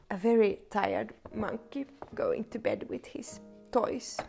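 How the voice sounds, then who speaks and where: A woman from Finland, an author talking gently and directly to children from her living room at home. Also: mid-range voice, steady tone, vocal fry, faint music behind. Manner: gentle, unhurried, talks straight to children. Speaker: children's book author and illustrator. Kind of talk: casual message to children.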